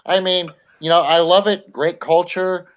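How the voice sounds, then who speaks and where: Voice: mid-range voice, flat delivery, a little slow, lo-fi sound, close to an everyday voice. A performer playing a brash, chatty vampire being interviewed for comedy. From United States. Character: brash American vampire, boastful. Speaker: guest.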